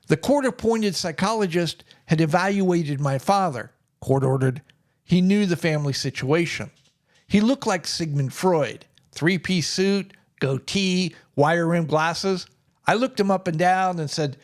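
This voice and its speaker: A man's voice: high voice, unhurried. A middle-aged man telling a personal story in a plainspoken, wry way. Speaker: vlogger.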